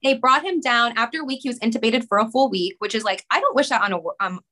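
A woman in her thirties, a guest on a talk show, telling an emotional personal story in a rushed, rambling way full of "like". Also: on the high side, bright, forceful tone. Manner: rushed, rambling, many "like" fillers. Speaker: podcast guest, mother.

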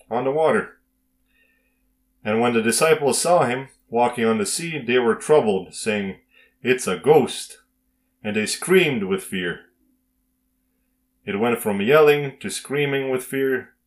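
A man reading a Bible story aloud and preaching on it in a slow, emphatic devotional style with dramatic pauses. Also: medium pitch.

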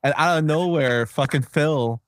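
A man's voice: fairly high pitch, a little slow, no echo. A man hosting a podcast, chatting casually and rambling with filler words. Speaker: podcast host. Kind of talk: casual chat.

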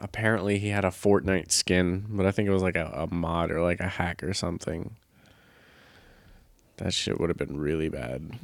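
A man's voice: deep voice, fairly even intonation, moderate pace, no echo, studio quality. A young man co-hosting a podcast, telling stories in casual chat, laughing often and swearing freely. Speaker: podcast co-host.

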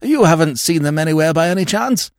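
A man's voice: fairly high pitch, animated, fairly quick, dry recording, studio quality, voice pushed up. A man voicing a vague, absent-minded elderly English earl with a fluttery, flustered manner.

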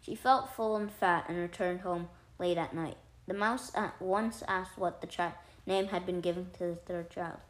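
A woman reading a fairy tale aloud in a calm, measured storytelling manner. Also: on the low side. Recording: roomy echo.

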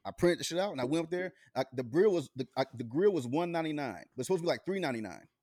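A man's voice: fairly high pitch, animated, rapid-fire, mellow, dry recording, studio quality. A man in casual chat, rambling and cursing with lots of restarts. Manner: rambling, profane, many restarts.

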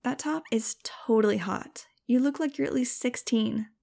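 A woman voicing a bubbly, gushing teenage girl who squeals with excitement in a storybook reading. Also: fairly high pitch, moderate pace, gravelly, voice pushed up.

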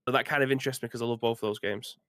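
A man's voice: medium pitch, fairly even intonation, very fast, a bit bright, no echo, studio quality. A young man co-hosting a casual gaming podcast, talking in a rambling, hesitant way. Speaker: podcast co-host. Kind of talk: casual chat.

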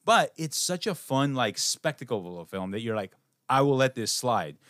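A man co-hosts a casual movie podcast, animated and profane, restarting his sentences as he goes. His voice sits at an everyday middle pitch. The sound is dry and close, with no room in it. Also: moderate pace, dry recording. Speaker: podcast co-host. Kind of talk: casual film-review banter.

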